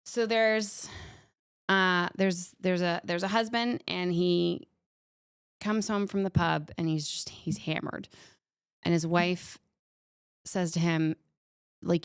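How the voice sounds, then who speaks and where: Woman with a gravelly, lower voice. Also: takes it slowly, pauses often, no room sound, clean studio sound. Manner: animated storyteller, acts out quotes. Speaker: podcast guest. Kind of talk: casual chat, telling a joke.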